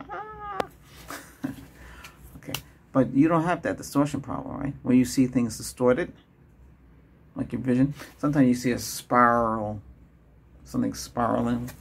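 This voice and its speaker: A man in whispered role-play as a doctor, talking in a chatty, rambling way, laughing often and moving between a whisper, a soft voice and his normal voice. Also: medium pitch, measured pace, vocal fry, long pauses, slightly rough.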